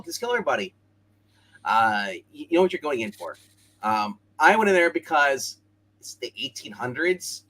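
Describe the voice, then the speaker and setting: Bright, forceful male voice; chatty, halting movie-review co-host. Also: medium pitch, low-quality recording. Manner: chatty, halting, lots of fillers. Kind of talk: casual movie review chat.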